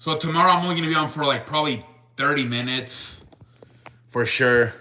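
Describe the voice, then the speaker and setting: Bright young man chatting on a live stream. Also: medium pitch, brisk. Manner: rambling, restarts, reads chat aloud. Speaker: sports show host. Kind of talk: casual live-stream chat with viewers.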